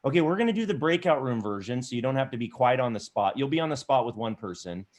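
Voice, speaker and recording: A man's voice: medium pitch, lively intonation, quick pace, darkish tone. Guy coaching a zoom improv class on his laptop, encouraging, rambles a lot. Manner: encouraging, rambling, repeats himself. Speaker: improv teacher. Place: home, on a video call.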